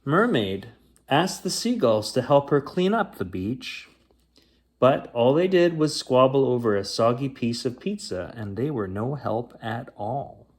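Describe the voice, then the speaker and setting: A man reading a picture book aloud as a bedtime story, with an expressive delivery. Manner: slow, expressive reading with lively pitch.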